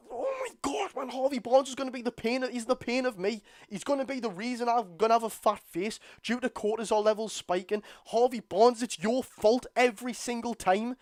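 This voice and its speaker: A young football fan streamer from North East England, with a strong Geordie accent and a voice that sits high for a man, rants bluntly through a live watchalong. He sounds exasperated and outspoken, on a dry, close recording with no room sound.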